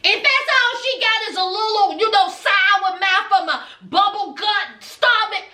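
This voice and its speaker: A woman giving an animated, sassy, gossipy recap of a reality show, laughing often. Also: extremely high pitch, unhurried, recorded from a distance. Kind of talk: casual gossipy commentary. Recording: echoey room, off mic.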